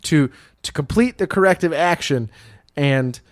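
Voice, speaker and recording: A man's voice: fairly high pitch, animated, unhurried, no room sound, studio quality. A man co-hosting a podcast, chiming in with profane jokes in casual chat. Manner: joking interjections with profanity. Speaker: podcast co-host.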